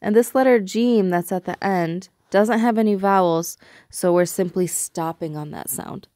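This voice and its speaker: A woman teaching a recorded language lesson, patiently explaining step by step and repeating example words slowly. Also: mid-range voice, dark tone, dry recording, clean studio sound.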